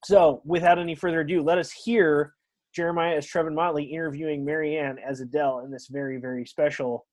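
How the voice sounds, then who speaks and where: A man hosts a comedy show, relaxed and asking guests about their favorite sketches. His voice sits a little high. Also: a little fast. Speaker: host. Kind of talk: casual podcast hosting.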